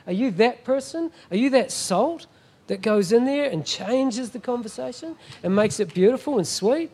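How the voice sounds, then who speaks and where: High-voiced preaching man, emphatic. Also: normal speed, mellow. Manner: emphatic, asks the congregation "Amen?" often. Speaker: guest pastor. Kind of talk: sermon.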